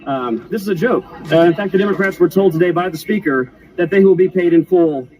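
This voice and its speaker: A man's voice: high-pitched, brisk, a little mellow, rough recording. A man in a played clip, delivering a prepared political statement with indignation, listing his points firmly.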